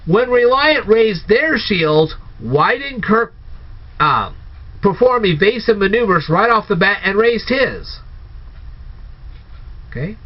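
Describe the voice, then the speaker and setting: A man giving a casual spoken movie review, firing off incredulous, sarcastic rhetorical questions. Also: high-pitched. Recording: dull lo-fi recording.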